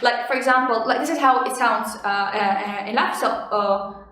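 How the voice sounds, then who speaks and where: A woman with a high, bright voice hosts a casual online language lesson in an echoey room with slight background noise. As the channel's teacher, she demonstrates expressively, drawing out syllables.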